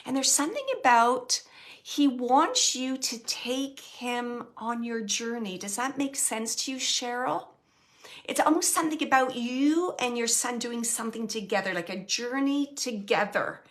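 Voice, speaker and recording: Her voice on the high side, a woman medium reads live for someone in the audience, searching for words haltingly and adding soft whispered asides.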